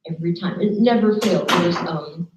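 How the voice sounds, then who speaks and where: Woman motivational speaker, animated storyteller, echoey room, muffled recording. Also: lowish voice, fairly quick, background noise. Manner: lively storyteller, acts out quoted people. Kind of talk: live talk to an audience with slides. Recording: echoey room, dull lo-fi sound.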